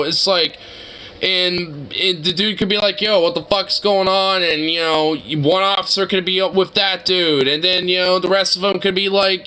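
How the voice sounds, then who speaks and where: A man's voice: sits high, pushed and bright, poor audio. A man reacting to a video with casual, profane, exasperated commentary full of fillers.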